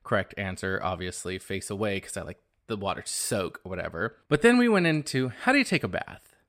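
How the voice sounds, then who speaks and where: A man hosting his own podcast, talking in a casual, animated and gossipy way, often exclaiming. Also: sits low, brisk. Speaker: podcast host.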